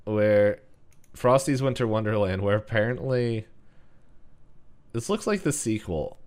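A podcast co-host with a lowish, clean-toned voice recaps a movie in a casual chat. He rambles a bit, restarts sentences, and chuckles along the way.

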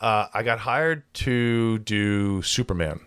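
Animated man telling a rambling story. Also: lowish voice, takes it slowly, clear, resonant tone. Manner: animated, swearing, many restarts and quoted voices. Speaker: podcast guest, adult film performer. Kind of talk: casual storytelling.

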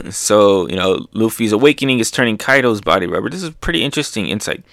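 A man's voice: fairly low pitch, fast talker, creaky, no echo. A man narrates a comic chapter in a loose, chatty way. He keeps breaking into playful sound effects and laughs. The recording is close and dry, with no room sound. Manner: animated, makes sound effects, laughs often. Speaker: manga reaction host. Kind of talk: casual comic read-through commentary.

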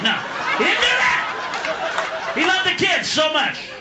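A man doing a live stand-up routine, ranting and swearing, slipping into gruff low voices for his characters. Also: big pitch swings, moderate pace. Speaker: stand-up comedian. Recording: echoey live club with crowd noise. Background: audience laughter.

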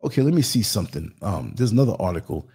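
A man's voice: fairly low pitch, very animated, quick pace, a little mellow, slightly rough. A man hosting a live stream, giving emphatic, preachy commentary in street slang, asking the audience rhetorical questions and reading viewer comments. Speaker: podcast host.

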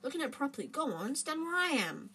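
A woman doing Harry, a hushed, eager young boy. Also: sits high, sing-song, brisk, pitched above the performer's own voice. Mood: urgent. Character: young boy wizard, earnest and longing.

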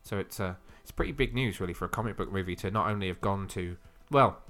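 A man's voice: deep voice, fast talker, a bit bright, soft background music. Chatty, teasing male podcast co-host. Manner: chatty and teasing, lots of laughter. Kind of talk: casual podcast chat.

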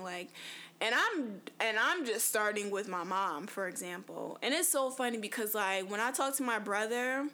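Woman vlogging casually, bright voice, chatty and frank, lots of likes and ums. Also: mid-range voice. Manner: chatty and frank, many fillers like "like" and "um". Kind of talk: casual personal monologue.

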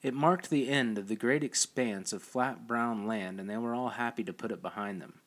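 A man reading a novel aloud as audiobook narration, with a steady, even delivery. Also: mid-range voice, moderate pace.

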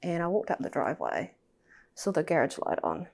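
Woman guest, gravelly low voice, candid and emotional, trails off to near-whispers. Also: big pitch swings, fairly quick, a little mellow. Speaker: podcast guest. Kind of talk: personal storytelling in a podcast interview.

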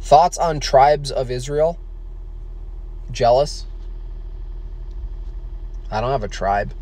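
An American man casually answering viewer questions on a stream, halting with many fillers and restarts. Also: mid-range voice, dark tone. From United States. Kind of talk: casual livestream chat.

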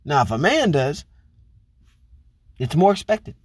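A man's voice: fairly high pitch, sing-song, unhurried, dry recording. A man giving a blunt, profane relationship monologue, lecturing his listeners with pointed rhetorical questions. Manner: talks straight to women listeners, rhetorical questions. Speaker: commentator on relationships. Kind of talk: casual monologue.

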